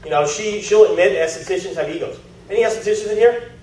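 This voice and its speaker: A man's voice: high-pitched, quick pace, a little mellow, a little hiss or hum. A man giving a chatty sales presentation to a live group, telling stories and quizzing the audience. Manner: chatty storyteller, asks audience questions. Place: meeting room with an audience. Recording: echoey room, heard from far off.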